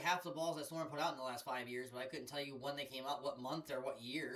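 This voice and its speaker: A man's voice: medium pitch, fairly even intonation, fairly quick, a bit bright. A young man chatting casually on a headset mic, telling a long rambling story full of swearing. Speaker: streamer. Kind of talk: casual chat.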